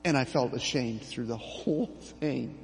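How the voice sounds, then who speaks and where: A middle-aged man preaching a sermon as pastor, slow and emphatic with dramatic pauses. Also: mid-range voice, creaky, in a large hall, a little hiss or hum.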